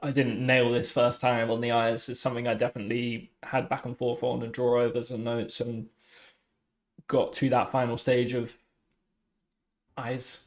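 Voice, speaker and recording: A man, an animator, casually commenting on an analysis of his own shots in a reflective, measured way. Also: mid-range voice, monotone.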